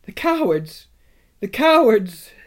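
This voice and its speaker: A man's voice: sits high, sing-song, takes it slowly, voice pushed up, heavily acted. A man reading a storybook aloud and voicing a young girl who is sobbing in distress. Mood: distraught.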